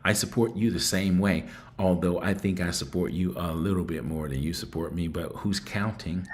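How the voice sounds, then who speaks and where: Low-voiced man hosting a call-in show. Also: normal speed, heavy background noise. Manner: chatty and reflective, often repeats words. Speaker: show host. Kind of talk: casual call-in show talk.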